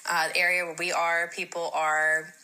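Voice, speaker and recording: A woman with a South Jersey accent sends a recorded voice message, reading a word list in a steady, dryly amused way. Her voice sits a little low but sounds very bright and sharp. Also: normal speed, rough recording. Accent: South Jersey / South Philly. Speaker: listener sending a voice message.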